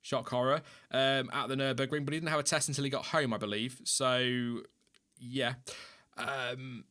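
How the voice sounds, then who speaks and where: A man's voice: mid-range voice, fairly even intonation, normal speed, bright, forceful tone, clean tone. A man hosting a casual live stream, chatting loosely and reading out viewer comments with small laughs. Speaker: livestream host.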